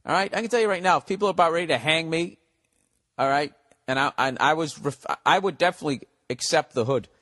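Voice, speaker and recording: A man's voice: a little high, fast, fairly bright tone, no echo. A man hosting a solo podcast, rambling through blunt, profane rants. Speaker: podcast host.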